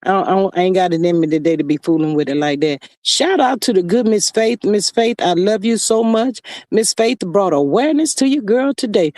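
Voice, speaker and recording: Animated woman hosting a live stream. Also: on the high side, no room sound, studio quality. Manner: animated, preachy, calls out to viewers.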